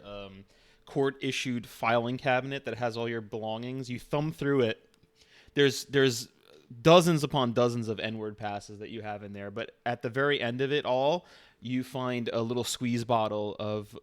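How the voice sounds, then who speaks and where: A man streaming and acting as game master, narrating casually with halting, amused delivery and frequent fillers. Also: medium pitch.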